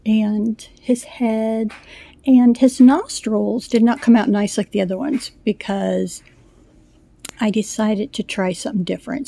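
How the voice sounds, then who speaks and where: A woman's voice: medium pitch, gravelly, warm tone. A middle-aged woman chatting casually about her crochet work, gushing and rambling with fillers, a little out of breath. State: slightly out of breath. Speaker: crochet vlogger. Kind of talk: casual show-and-tell chat.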